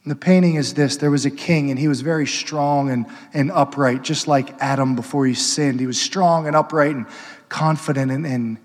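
A man, a Catholic priest, preaching a sermon with passion, building to loud urgent peaks and dropping to hushed, intimate pleading. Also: medium pitch, steady tone, normal speed. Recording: long hall reverb.

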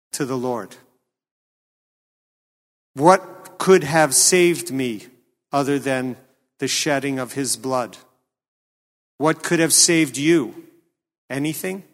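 A man preaching a sermon, earnest and questioning, with a slow, emphatic delivery. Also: a little high, fairly bright tone. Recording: long hall reverb.

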